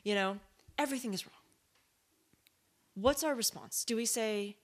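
A woman's voice: a little high, moderate pace, long pauses. A woman in casual conversation, thinking aloud with many fillers and rhetorical questions. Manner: thoughtful, animated, lots of fillers and rhetorical questions.

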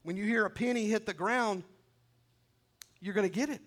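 A man voicing a calm, wise man in a sermon story, speaking patiently and instructively. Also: high-pitched, moderate pace, voice pushed up.

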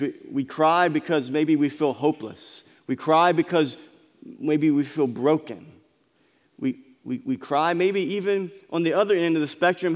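A man preaching a sermon as pastor, asking the congregation questions and often repeating his words. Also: on the high side. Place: church hall. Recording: long hall reverb.

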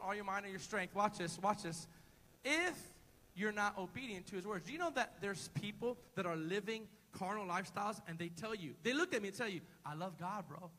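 A man's voice: high-pitched, pushed and bright, big-room sound, poor audio. A man preaching a sermon as pastor in a church, emphatic and repetitive, calling on the congregation to answer back. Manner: emphatic call-and-response preaching.

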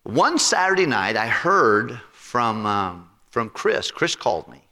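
Pastor guy telling a story from the pulpit, animated and chatty, bright tone, echoey church. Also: medium pitch, takes it slowly. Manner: animated, conversational anecdote with repetitions. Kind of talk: storytelling sermon. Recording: reverberant hall.

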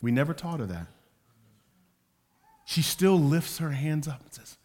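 Man, pastor, sermon, higher voice, drops quiet then builds loud, long hall echo. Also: lively intonation. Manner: swings from quiet and slow to loud and emphatic.

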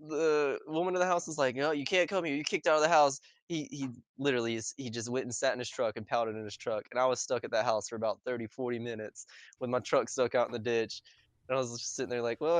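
A man's voice: medium pitch, clear, resonant tone, no room sound. A young man telling a rambling, profanity-laced story to friends, laughing as he goes. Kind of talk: casual storytelling among friends.

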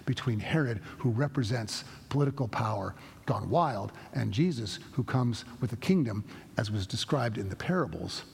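A male pastor delivers a sermon in a loose, conversational way, often stopping and restarting his thoughts. His voice is gravelly and a bit husky. It carries a long echo, as if recorded in a large church hall. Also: medium pitch, animated, a little mellow. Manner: conversational, halting, with many restarts.

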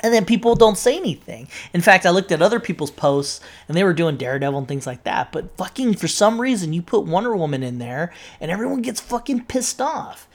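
A woman's voice: fairly low pitch, sing-song, brisk, few pauses. A woman telling a story in a casual monologue, rambling and swearing, with many fillers and restarts. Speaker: social media poster recounting an argument.

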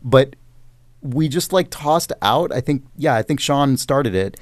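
A man's voice: medium pitch, animated, measured pace, no room sound. A man co-hosting a podcast in casual chat, rambling and correcting himself as he talks. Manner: rambling, self-correcting, laughs often. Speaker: podcast co-host reading listener mail.

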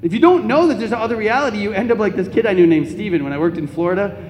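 High-voiced man telling funny stories in a hall. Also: very fast, slight background noise. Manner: animated, comic storytelling with laughs. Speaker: Catholic speaker. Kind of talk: storytelling talk to an audience. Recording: echoey hall, faint ambience.

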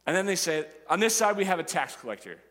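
A man preaching a sermon, animated and acting out the voices of the characters and the crowd. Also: high voice, fast, in a large hall. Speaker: pastor.

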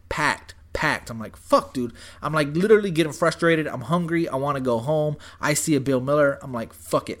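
With a mid-range voice, a young man animatedly recounts a story in casual conversation, swearing freely and saying "dude" and "bro" all the time.

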